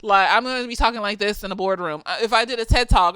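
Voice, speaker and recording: Lively, profane woman reviewer, slightly tipsy. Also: on the high side, fairly quick, clear, resonant tone, dry recording. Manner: animated, profane, laughs often. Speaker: therapist reviewing a movie. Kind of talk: casual chatty review.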